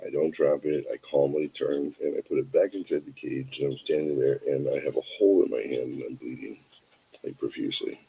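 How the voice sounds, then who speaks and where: Man, extremely low voice, husky, dull lo-fi audio, rambling self-deprecating storyteller. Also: fairly even intonation, fairly quick. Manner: rambling, wry, self-deprecating, with digressions and fillers. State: tired from an early start. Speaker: show host. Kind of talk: casual anecdote storytelling.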